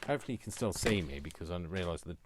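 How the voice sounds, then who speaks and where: A man's voice: deep voice, expressive, racing, heavy background noise. A man hosting a casual crafting tutorial at home, rambling and self-mocking as he works. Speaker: crafting video host. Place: room at home.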